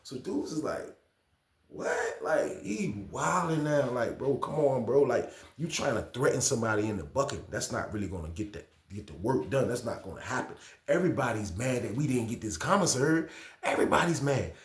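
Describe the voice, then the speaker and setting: Man, storytime host, relaxed slang delivery, echoey room. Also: medium pitch, brisk. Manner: casual slang, repeats phrases, addresses viewers. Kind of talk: casual prison storytelling.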